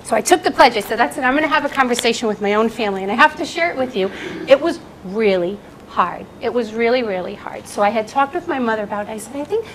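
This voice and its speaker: A woman nurse presenting on palliative care to healthcare staff, telling stories with lively, animated shifts in voice. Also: fast, slight background noise, rough recording. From United States. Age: adult. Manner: animated storytelling with lively jumps in pitch.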